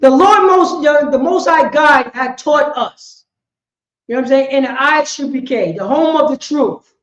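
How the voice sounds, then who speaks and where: A woman teaching a religious law class in an impassioned preaching style, repeating herself with emphasis and swinging between shouts and quiet words. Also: sits high, measured pace. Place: indoor meeting room. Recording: roomy, slightly dull lo-fi sound.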